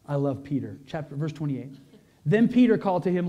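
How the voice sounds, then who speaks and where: A man's voice: fairly high pitch, very animated, normal speed, mellow. A male pastor preaching a conversational sermon to a congregation, full of rhetorical questions and emphatic peaks.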